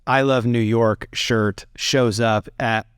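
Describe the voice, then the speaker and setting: A man's voice: mid-range voice, fairly even intonation, takes it slowly, clear, resonant tone, no echo, clean studio sound. A man hosting an interview, recapping events and prompting his guest to tell more. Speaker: interview host. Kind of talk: interview questions.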